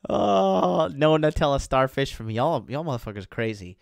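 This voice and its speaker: A man's voice: medium pitch, a little fast, dry recording, clean studio sound. Crude, profane man chatting to viewers. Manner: crude, profane, rambling storytelling. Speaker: dating coach host. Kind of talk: casual livestream talk to chat viewers.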